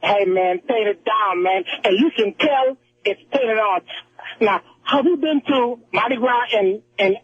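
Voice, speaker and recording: A man's voice: high-pitched, a little slow, fairly bright tone, husky, dry recording. A male caller on a sports radio show, talking animatedly and calling the hosts "man" and "brother". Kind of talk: call-in radio chat. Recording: muffled phone line.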